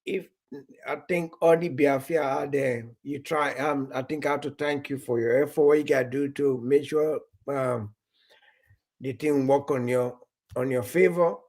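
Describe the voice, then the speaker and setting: A man's voice: mid-range voice, steady tone, measured pace, vocal fry, a little mellow. A man from Nigeria talking in casual chat, rambling, repeating words and acting out bits of dialogue.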